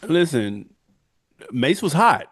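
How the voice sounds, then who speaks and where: A man co-hosting a casual podcast, making his points in an animated, opinionated way. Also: a little high, slow pace, slightly rough, dry recording, studio quality. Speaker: podcast co-host. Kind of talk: casual chat.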